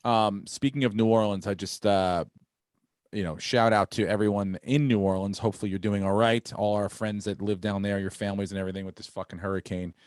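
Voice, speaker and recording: A middle-aged man chatting casually on a podcast, telling stories in an animated and profane way. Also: fairly low pitch, brisk, clean tone, dry recording, studio quality. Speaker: podcast host. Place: home on Long Island, New York.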